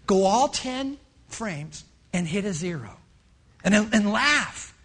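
A middle-aged male pastor preaching a sermon, telling stories and acting out voices in an animated way. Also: high-pitched, takes it slowly, breathy edge. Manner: animated storytelling with acted-out voices.

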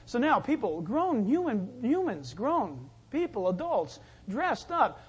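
A man's voice: very high-pitched, huge pitch swings, slow, few pauses, slightly rough. A man preaching a sermon, telling stories in a loose, chatty way and acting out the voices in them. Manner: conversational storytelling with acted-out voices. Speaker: pastor.

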